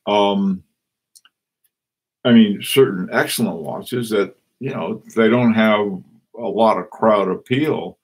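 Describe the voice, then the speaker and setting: A man hosting a casual live stream, chatting and reading out viewer comments in a rambling, halting way with many restarts. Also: fairly low pitch. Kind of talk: casual live-stream chat about watches.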